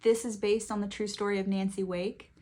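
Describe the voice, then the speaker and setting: A woman talking to camera about her favorite books, gushing and emotional, her quick bursts of talk sometimes turning tearful. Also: mid-range voice, little pitch movement, darkish tone. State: tearful at times. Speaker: book reviewer. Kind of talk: casual book talk to camera.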